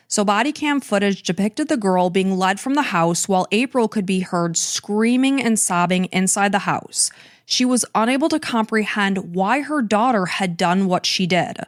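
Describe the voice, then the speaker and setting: A woman's voice: medium pitch, dry recording, clean studio sound. A woman hosting a true crime podcast, earnestly recounting events step by step. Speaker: podcast host.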